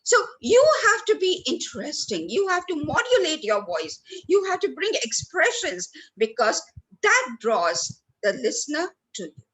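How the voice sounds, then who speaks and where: A woman runs a workshop session. Her voice sits a little high and swoops up and down as she hits important words. She talks straight to the people in front of her, sometimes calling them by name. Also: unhurried, poor audio. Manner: animated, stresses words for effect, addresses listeners by name. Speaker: workshop trainer. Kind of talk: lively training talk. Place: lecture hall.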